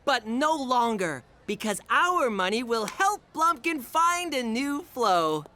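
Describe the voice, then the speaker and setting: A woman voicing a scheming cartoon boy with deadpan sarcasm. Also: fairly high pitch, slow, slight background noise, full character voice. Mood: speechifying.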